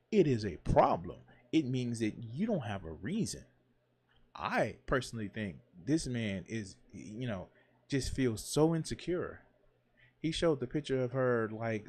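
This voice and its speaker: A man in a reaction commentary, talking in an animated, sarcastic way and mocking the people in the clips. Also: medium pitch, husky. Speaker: commentary streamer.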